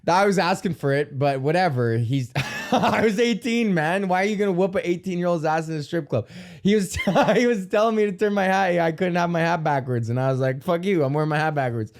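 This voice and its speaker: A man's voice: sits high, expressive, a little fast. A young man from Alberta, Canada, hosting a podcast, telling stories in a profane, rambling comedic rant with yelps acting out pain. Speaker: podcast host.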